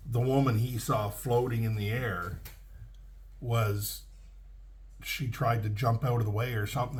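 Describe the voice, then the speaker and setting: Middle-aged trucker, folksy storyteller, mid-pitched, restarts a lot. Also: male voice. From Canada. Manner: folksy, plainspoken, with frequent restarts. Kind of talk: casual spoken storytelling.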